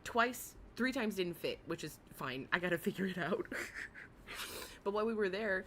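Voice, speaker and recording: Woman, young adult, raspy voice, chatty and giggly, rambling livestream talk, faint room hum behind. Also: fairly low pitch, lively intonation, a little fast, a bit bright. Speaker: livestream commentary host. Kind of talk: casual livestream chat.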